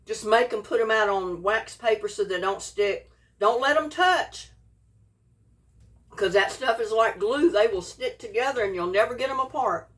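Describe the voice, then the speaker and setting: A woman's voice: mid-range voice, a bit bright, far from the mic. A woman, chatting folksily in a home cooking vlog and tasting her food as she talks. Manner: folksy, chatty, eats while talking.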